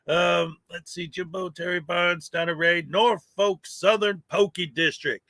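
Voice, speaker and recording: A man's voice: high-pitched, fairly even intonation, moderate pace, hardly any pauses, sharp tone, dry recording. A man hosting a morning livestream, cheerfully greeting chat viewers by name in casual talk. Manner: upbeat, greets viewers by name, laughs often. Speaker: livestream host. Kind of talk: casual live chat shout-outs.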